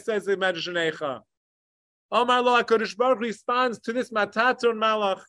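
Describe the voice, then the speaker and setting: A man teaching a Torah lecture with passion, mixing Hebrew learning terms into English and swinging between emphatic peaks and hushed asides. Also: high-pitched, normal speed, no room sound, clean studio sound. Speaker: rabbi. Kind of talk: Torah lecture on the Tisha B'Av kinos.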